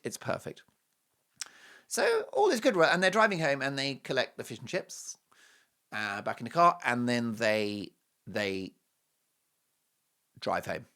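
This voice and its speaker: A man with an English accent, hosting a commentary show and telling a story with playful asides. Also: medium pitch. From England. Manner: animated and playful, with mocking asides and quoted voices. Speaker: show host.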